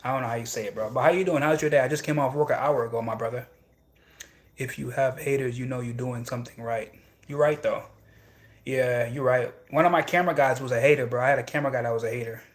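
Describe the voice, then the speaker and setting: A man's voice: medium pitch, fast. A young man hosting a casual livestream, rambling and repeating phrases as he answers chat. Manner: rambling, repeats phrases, frequent "you know what I'm saying". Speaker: livestream host reading chat.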